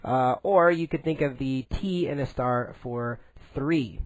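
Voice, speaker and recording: A man teaching a recorded Spanish grammar lesson in English, explaining slowly and deliberately with frequent "uh" fillers. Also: mid-range voice, dry recording, rough recording.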